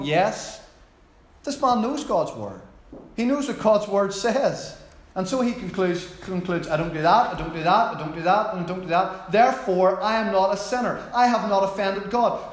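A man's voice: sits high, reverberant. A man preaching a sermon in a conversational way, asking the congregation questions.

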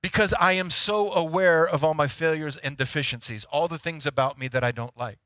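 Male pastor, sermon, chatty and self-deprecating, sharp tone in a dry room. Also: on the high side, fairly quick, dry recording. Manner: conversational, self-deprecating storytelling.

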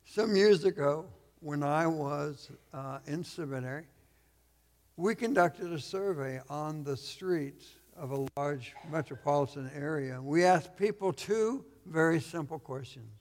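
A man from Texas preaching a sermon as a guest pastor, losing his voice, clearing his throat and pausing on fillers. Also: fairly high pitch, in a large hall.

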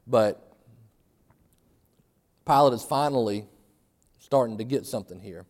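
A man preaching a sermon in a church, talking conversationally and getting animated for emphasis. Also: medium pitch, unhurried, long pauses, long reverb tail. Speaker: pastor. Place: church sanctuary.

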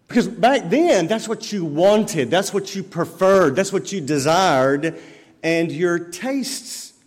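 A man preaching a sermon as pastor, in a conversational way full of everyday examples. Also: sits high. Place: church sanctuary. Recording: long reverb of a church hall.

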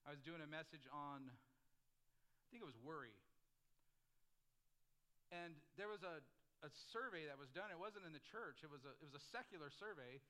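A middle-aged pastor delivers a sermon in a loose, chatty way, full of asides and prompts for the congregation to answer. His voice sits high for a man and rings bright and forceful. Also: animated, moderate pace, long pauses. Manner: conversational preaching with frequent "like" and call-and-response.

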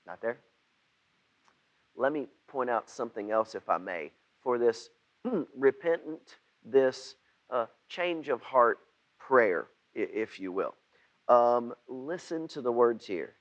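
A man preaching a sermon to his church. He halts and repeats words, then gets loud when he acts out prayers. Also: mid-range voice, lively intonation, slow, pauses often, muffled recording. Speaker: pastor.

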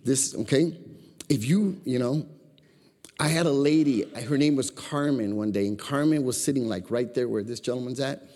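A man's voice: medium pitch, moderate pace, mellow, in a large hall. A man preaching a casual, joking sermon in a church and inviting the congregation to answer back. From Chicago. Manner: joking, conversational, asks for call-and-response. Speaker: guest preacher. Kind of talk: informal sermon. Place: church sanctuary.

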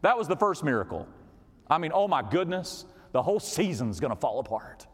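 High-voiced storytelling pastor in a reverberant hall. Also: male voice, a little fast, slightly rough. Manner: animated storytelling with quoted voices and whispered asides. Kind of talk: storytelling sermon.

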